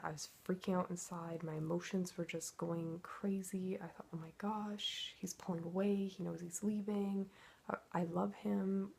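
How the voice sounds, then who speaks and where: A woman with a gravelly, husky voice pours out a personal story, confessional and emotional. She sits fairly low in pitch, with lots of vocal fry, and keeps slipping into quoted thoughts. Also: dark tone. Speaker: twin flame coach.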